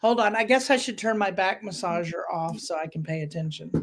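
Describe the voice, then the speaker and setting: A woman's voice: on the low side, a little fast. A woman, co-hosting a casual live chat with friends in a playful, laughing manner. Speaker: co-host.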